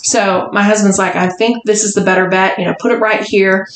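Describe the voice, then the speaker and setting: A woman's voice: mid-range voice, steady tone, brisk, a little hiss or hum. A woman on a casual podcast, telling a long story and acting out the other people's lines. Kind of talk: casual chat. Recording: roomy echo.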